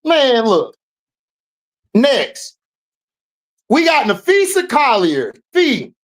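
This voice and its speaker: A woman's voice: sits high, huge pitch swings, very slow. A woman hosting a casual sports recap, trash-talking and mock-scolding players. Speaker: show host, sports commentator.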